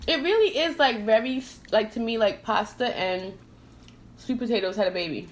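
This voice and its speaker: A woman's voice: on the high side, moderate pace. A woman who grew up in Trinidad, hosting a casual podcast while eating and chatting, laughing easily and talking with her mouth full. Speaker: podcast host.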